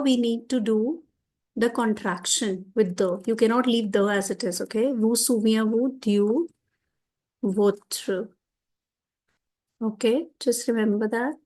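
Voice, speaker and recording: A woman takes students through French exam questions one at a time. Her voice sits a little high and she speaks slowly and carefully. She draws out the French answers so they are easy to follow. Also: a little mellow. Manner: explains step by step, slows down on French answers. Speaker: French teacher. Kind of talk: exam revision lesson.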